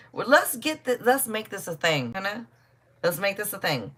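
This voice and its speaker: A woman's voice: mid-range voice, lively intonation, fairly quick, a bit bright. A middle-aged woman giving a live tarot reading in a casual, blunt, chatty way, swearing freely and laughing often. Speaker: tarot reader.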